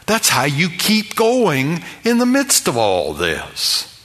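A middle-aged male pastor preaching with a bright, forceful tone and an unhurried delivery. He drives each point home through repetition, stacking one phrase on the next. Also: a little high, wildly swooping pitch, faint music behind. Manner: emphatic, builds with repeated phrases. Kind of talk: sermon.

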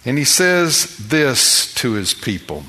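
A man's voice: medium pitch, sing-song, slow pace, sharp tone. A middle-aged man preaching a sermon as pastor, emphatic and building his points through repeated phrases.

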